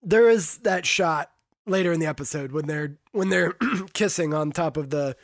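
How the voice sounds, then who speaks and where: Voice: medium pitch, moderate pace, no echo, clean studio sound. A co-host in a casual recap chat, jokey and trailing off mid-thought. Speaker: podcast co-host.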